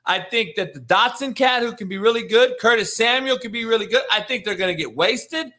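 A man's voice: extremely high pitch, a little fast, pushed and bright. A man co-hosting a casual sports talk show as a coach, giving blunt, profane takes.

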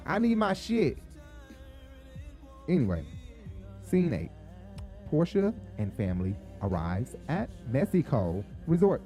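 Sassy cussing guy reacting to reality tv, kinda high voice, music under it. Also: huge pitch swings, slow pace, pauses often, dark tone. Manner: blunt, profane, sassy. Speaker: reaction commentator. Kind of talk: casual reaction commentary.

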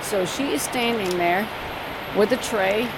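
Woman telling a story over loud noise. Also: mid-range voice, a little slow. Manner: emphatic, repeats herself, laughs easily. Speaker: guest, flight attendant. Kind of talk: casual storytelling.

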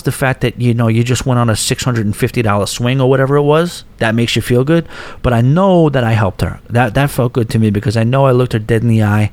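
A man hosting a podcast, telling a casual story and quoting people in lively raised voices. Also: mid-range voice. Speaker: podcast host.

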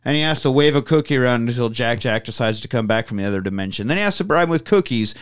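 A man co-hosting a podcast who recaps things in casual chat, animated and freely profane. His voice is smooth and clear at an ordinary mid pitch. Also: fast. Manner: animated, profane storyteller who acts out quotes. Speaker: podcast co-host.

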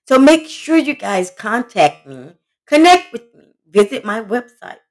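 A woman's voice: fairly high pitch, sing-song, a little slow. Blunt, emphatic woman podcast host. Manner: blunt, emphatic and conversational, addresses listeners directly. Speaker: podcast host giving relationship advice. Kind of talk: casual solo podcast talk.

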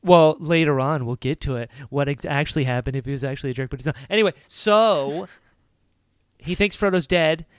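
A woman hosting a podcast, recapping a film in casual chat with lively retellings. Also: deep voice, clean tone, no echo, studio quality. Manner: animated retelling with quick character voices. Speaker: podcast host.

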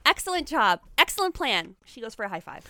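A woman playing a tabletop game, lively and chatty. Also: fairly high pitch, brisk, no room sound. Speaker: player.

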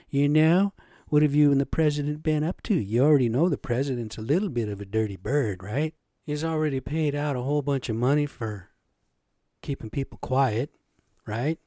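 A man's voice: mid-range voice, warm tone, dry recording, studio quality. A man hosting a podcast, ranting in an agitated, profane way and firing off rhetorical questions. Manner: rhetorical questions with repeated "you know" and "right". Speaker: podcast host. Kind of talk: solo podcast rant.

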